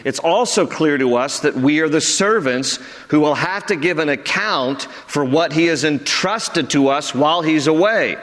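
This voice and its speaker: A man preaching a sermon as pastor, earnest and conversational, dropping low for emphasis. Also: animated, moderate pace, hardly any pauses, fairly bright tone, big-room sound.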